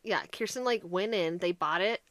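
A woman's voice: lowish voice, moderate pace, no room sound. A woman co-hosting a casual chat, telling a story with a lot of swearing and acted-out quotes. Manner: animated, swearing, acts out quotes. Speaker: podcast co-host.

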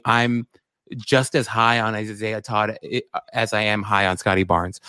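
A man co-hosting a sports podcast, talking in an excitable, rambling way with lots of "like" and "bro". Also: medium pitch, dry recording, clean studio sound. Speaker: podcast co-host. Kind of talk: casual sports podcast chat.

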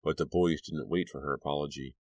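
A man narrating an audiobook with an expressive, dramatic reading. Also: very deep voice, fairly quick, dry recording, studio quality. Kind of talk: scripted narration.

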